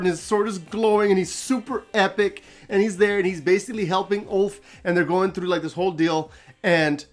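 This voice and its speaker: Animated man recapping a story. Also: a little high. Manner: animated, laughs often, acts out quotes. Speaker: host.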